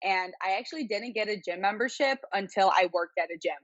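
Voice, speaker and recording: A woman's voice: mid-range voice, brisk, fairly bright tone, no echo, muffled recording. A woman in her twenties with a Chicago-area accent, a guest on a podcast, telling her story in a chatty way with lots of fillers. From Illinois, near Chicago. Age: 20s. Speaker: interview guest, bodybuilder. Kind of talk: casual interview chat.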